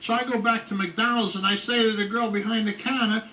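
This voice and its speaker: A man's voice: high-pitched, steady tone, fairly quick, pushed and bright, far from the mic, low-quality recording. A man delivering a rambling comic monologue straight to the camera, brash and full of groans, asides and complaints. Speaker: comedian.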